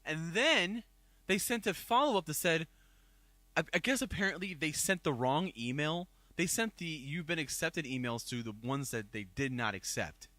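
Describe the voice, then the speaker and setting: A man with a Northeast Ohio accent, chatting casually as a podcast co-host and talking excitedly about his band. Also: fairly high pitch, moderate pace, no room sound. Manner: animated, excitable storytelling. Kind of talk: casual chat.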